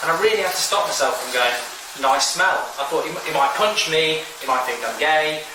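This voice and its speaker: Guy rambling thru a story, slightly higher voice, super echoey room with faint hiss. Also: animated, fast, far from the mic. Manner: rambling anecdotes, acts out dialogue. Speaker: host in his own archive clips. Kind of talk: casual storytelling monologue.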